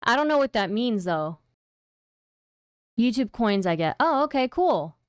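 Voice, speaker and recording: A woman's voice: a little high, sing-song, measured pace, clean tone, dry recording, studio quality. A woman hosting a live stream, giving rambling, incredulous casual commentary with lots of fillers. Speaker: streamer host.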